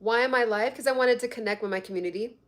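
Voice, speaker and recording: A woman runs a casual live stream about health and fitness. She reads viewer comments aloud and laughs often between them. Her voice sits a bit high. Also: fast.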